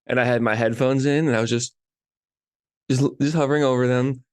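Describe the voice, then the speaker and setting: A young man co-hosting a podcast, chatting casually in a relaxed, halting way. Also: medium pitch, dry recording, clean studio sound. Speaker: podcast co-host. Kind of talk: casual chat.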